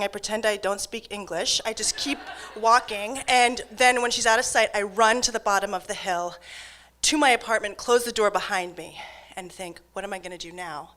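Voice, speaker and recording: Animated woman telling a comic story. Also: mid-range voice, normal speed. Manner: animated, comic, swings between loud and hushed. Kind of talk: live storytelling for an audience.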